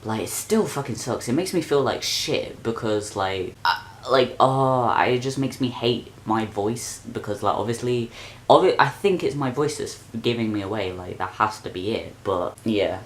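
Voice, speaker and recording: A man's voice: medium pitch, animated, normal speed, slight background noise. A young man, talking straight to camera in an exasperated, sweary rant for his vlog. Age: young adult. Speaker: vlogger.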